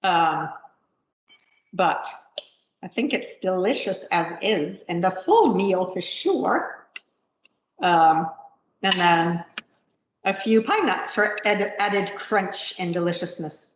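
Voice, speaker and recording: A woman's voice: lowish voice, lively intonation, slow pace, long pauses, a little hiss or hum. Chatty woman teaching a cooking class. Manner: chatty, thinks aloud with many fillers. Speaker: cooking instructor. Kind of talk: live cooking demonstration. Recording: roomy, dull lo-fi livestream audio.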